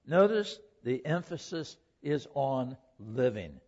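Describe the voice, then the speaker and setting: A man's voice: mid-range voice, animated, moderate pace. A man preaching a sermon in a church, asking earnest rhetorical questions and shifting his emphasis often. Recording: lo-fi dull sound.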